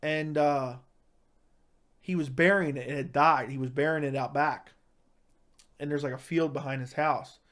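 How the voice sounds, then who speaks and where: A man telling a comic story in a deadpan tough-guy way, with lots of "right?" and "like". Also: on the high side, normal speed, pauses often. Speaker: comedic storyteller. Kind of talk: casual storytelling monologue.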